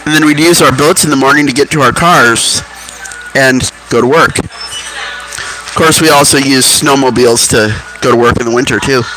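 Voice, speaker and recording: A man's voice: medium pitch, normal speed, pushed and bright, rough recording. A man casually telling rambling stories and musing aloud, offhand and profane. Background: music.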